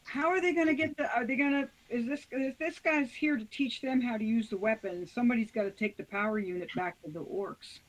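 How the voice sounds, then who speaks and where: Male player, hesitant, very high voice. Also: brisk, hardly any pauses, low-quality recording. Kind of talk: casual tabletop chat.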